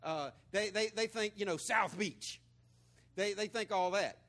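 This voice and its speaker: A man's voice: high-pitched, unhurried, fairly bright tone. A man from Florida with a Southern twang, preaching a conversational sermon in a folksy, storytelling way full of repeated words. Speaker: pastor.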